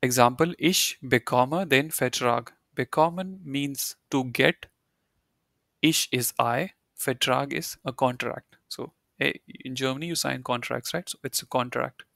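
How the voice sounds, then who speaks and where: A man's voice: mid-range voice, unhurried, creaky, a bit bright, no room sound, studio quality. A man teaching a German lesson, explaining step by step and often repeating key points with "you know" and "right". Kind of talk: live online language lesson.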